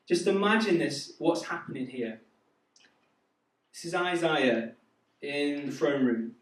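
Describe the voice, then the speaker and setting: Guy giving a youth sermon, asks the crowd stuff, echoey hall, mic kinda far. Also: fairly high pitch. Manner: chatty, asks the audience questions. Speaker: youth preacher.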